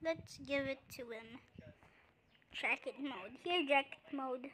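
A young woman chatting to viewers while playing a pet-collecting game, breaking into excited yells. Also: high-pitched, slow, a little hiss or hum. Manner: chatty, bursts into excited screaming; addresses viewers as guys. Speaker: gaming video creator. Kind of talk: casual gameplay commentary.

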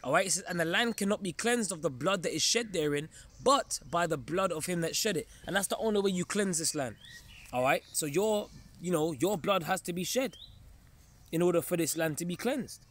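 Guy preaching casual and emphatic, fairly high voice, keeps checking in w the listeners. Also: brisk, fairly bright tone. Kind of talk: informal preaching sermon.

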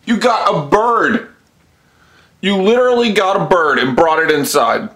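A man's voice: high-pitched, animated, measured pace, fairly bright tone. A startled man stammering and swearing in a casual home video, filmed on a phone inside his house. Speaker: vlogger.

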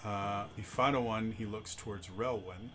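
Male game master, low voice, bright timbre, faint background hiss. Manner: halting, stuttering restarts. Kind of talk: narrating a tabletop game.

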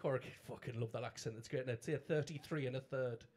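A man doing stand-up crowd work on a club stage, loud, sweary and playful with the audience. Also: mid-range voice, steady tone, quick pace, background noise. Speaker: stand-up comedian.

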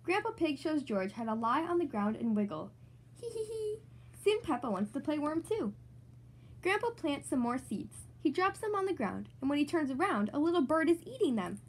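Lively sing-song woman reading to kids. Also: sits high, normal speed. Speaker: children's book reader. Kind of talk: read-aloud storytelling for kids.

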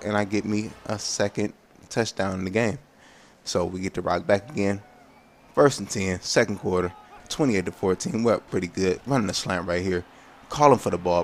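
Man with a slightly low voice, casual let's-play commentator calling his game play by play, slangy and easily exasperated. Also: slight background noise. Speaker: gameplay commentator.

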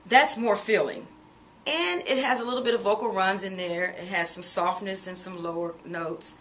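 A middle-aged woman giving a relaxed, conversational singing lesson, explaining vocal runs with a few fillers. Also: medium pitch, moderate pace. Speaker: singing teacher. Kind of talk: vocal lesson with sung demonstrations.

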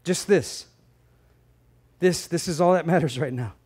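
A man preaching a sermon as a pastor, conversational and animated, often repeating words and swinging between loud emphasis and soft asides. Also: on the high side, measured pace, husky.

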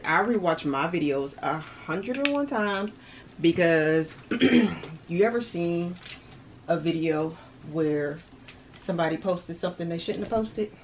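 A woman's voice: lowish voice, slight background noise. Chatty young woman vlogging. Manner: chatty, laughs often, addresses viewers as y'all. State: tired. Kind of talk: casual vlog chat.

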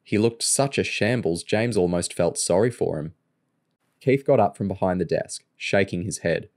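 A man narrating a novel in a steady, even storytelling manner. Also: sits low, moderate pace. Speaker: audiobook reader. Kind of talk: audiobook narration.

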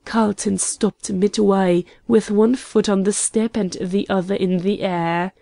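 A woman reads a classic novel aloud as an audiobook narrator. Her telling is slow and measured, and her tone is mellow. The recording is dry and close. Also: medium pitch, creaky, no room sound. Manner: measured, even storytelling. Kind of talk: scripted narration.

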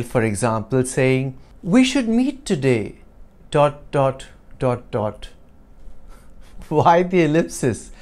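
A man teaching an English lesson, explaining clearly and deliberately with wry asides. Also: fairly high pitch.

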